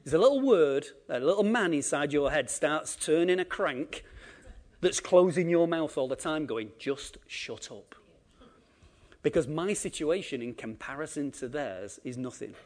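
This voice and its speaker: A man preaching a sermon, acting out quotes and swinging between loud emphasis and quiet asides. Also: a little high, expressive, moderate pace. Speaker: pastor.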